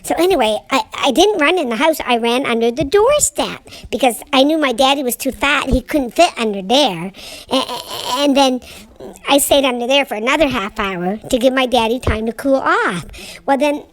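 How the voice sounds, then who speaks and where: A woman's voice: sits high, expressive, normal speed, no room sound, poor audio. Winston, a woman voicing a chatty young boxer dog. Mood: storytelling. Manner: rambling homespun storytelling with stammered restarts. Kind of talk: pet voice-over monologue.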